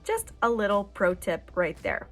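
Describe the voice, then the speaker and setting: A woman's voice: medium pitch, huge pitch swings, measured pace. A woman hosting a makeup tutorial, explaining each step in a chatty, reassuring way. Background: faint background music.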